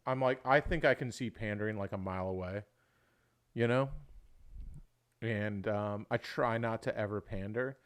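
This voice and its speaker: A man's voice: on the low side, moderate pace, long pauses. A young adult man hosting a livestream, talking casually and at length, swearing often and calling people "dude". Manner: rambling, swears often, says "dude" a lot. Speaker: livestream host.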